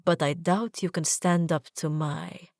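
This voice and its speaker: A woman's voice: lowish voice, steady tone, measured pace, darkish tone, no room sound, clean studio sound. A woman doing a teasing young prince. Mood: playful.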